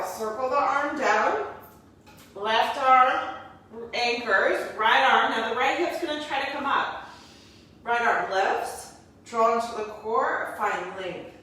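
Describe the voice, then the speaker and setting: Woman yoga teacher, slow calm cues, higher voice, really echoey room, mic a ways off. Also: far from the mic. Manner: calm step-by-step cueing with spiritual encouragement. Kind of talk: guided yoga class.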